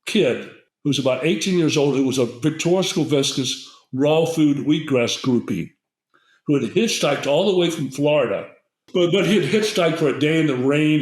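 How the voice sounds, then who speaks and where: A man's voice: on the high side, reverberant, rough recording. An older man, a guest herbalist, telling a long, digressive story in a casual interview and acting out the people in it. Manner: rambling, digressive storyteller who acts out quotes.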